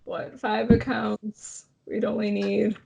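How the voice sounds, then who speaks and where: A woman's voice: medium pitch, level tone, slow, creaky, darkish tone, husky, dull audio. A woman co-hosting a podcast in casual chat, playful and giggly, reading out listener comments. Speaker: podcast co-host.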